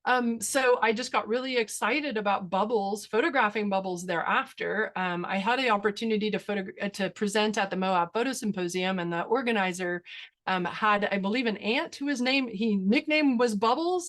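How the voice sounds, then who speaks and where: An upbeat woman photographer leads a webinar over a video call, mid-pitched and chatty. She tells stories with animated enthusiasm, sprinkling in fillers and laughs. Her voice sits right in the middle of the usual female range. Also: moderate pace. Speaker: photographer and workshop instructor. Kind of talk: webinar presentation and Q&A.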